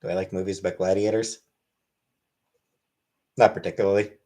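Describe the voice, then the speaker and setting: A man hosting a casual livestream Q&A, reading chat questions aloud and answering in a wry, deadpan way. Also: sits low, fairly quick. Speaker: livestream host.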